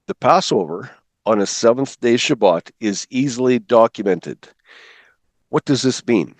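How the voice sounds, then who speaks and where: A man walks a class through Bible calendar slides. He talks quickly and stops often to put questions to the listeners. His voice sounds dry and close, with no room around it. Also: mid-range voice, expressive, dry recording. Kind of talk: slide-based classroom teaching.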